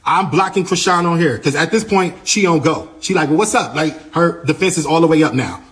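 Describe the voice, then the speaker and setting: A man working as a tour manager, telling what happened in a casual, animated way, often repeating himself and acting out what others said. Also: a little high, brisk. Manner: animated, repeats himself, acts out quoted voices. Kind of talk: casual storytelling account.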